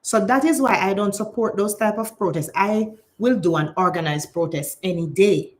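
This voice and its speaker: A woman's voice: medium pitch, moderate pace, darkish tone. Impassioned Jamaican woman commentator. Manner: impassioned, switches between patois and standard English. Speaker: political commentator. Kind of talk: casual vlog commentary.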